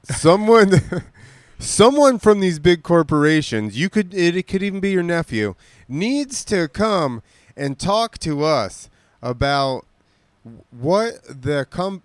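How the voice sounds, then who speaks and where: A man co-hosting a podcast in casual chat, animated and joking, swearing freely. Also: a little high, clear, resonant tone, dry recording. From Georgia, USA. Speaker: podcast co-host.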